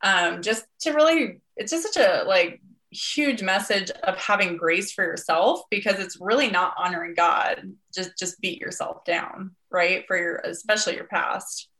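A woman's voice: mid-range voice, unhurried, a bit bright, low-quality recording. A woman who is a mother, speaking in a heartfelt way with many fillers during a casual faith chat.

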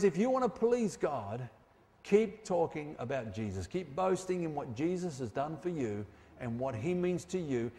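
A man preaching a sermon, emphatic, slowing down and dropping low on key phrases. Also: a little mellow, long reverb tail.

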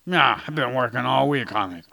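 A man chats casually as a podcast co-host, mixing facts with silly jokes. His voice is gravelly yet bright and forward. The recording has poor audio quality. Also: mid-range voice, lively intonation, fairly quick. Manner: jokey, goofy asides. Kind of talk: casual chat.

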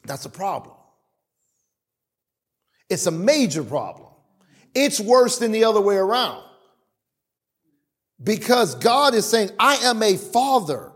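A man preaching a sermon in an animated way, sometimes acting out the voices of worshippers. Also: high voice, takes it slowly, pauses often, husky. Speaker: pastor.

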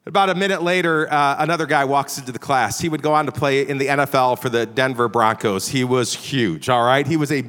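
In a big hall with long reverb, a middle-aged Chicago-area man delivers a sermon built on stories, poking fun at himself in a casual, chatty manner and frequently asking "all right?" His voice is mid-range and fairly bright, and he keeps a brisk pace with few pauses.

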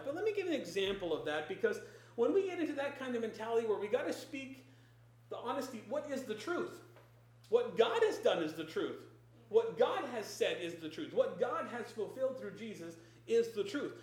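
A preacher with a mid-pitched voice works through a sermon in firm, repeated declarations. The voice rings out in a very echoey space. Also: big pitch swings, brisk, darkish tone. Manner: emphatic, repetitive declarations. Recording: very echoey room.

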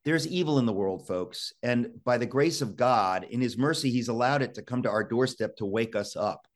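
A man's voice: medium pitch, moderate pace. A male talk show host urgently exhorting his listeners, often restarting words in a rush.

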